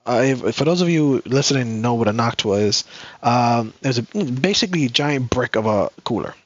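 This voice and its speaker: Animated, swearing man telling a story. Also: mid-range voice, normal speed, no room sound, dull audio. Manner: animated, profane, acts out quoted people. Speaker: podcast co-host. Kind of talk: casual storytelling chat.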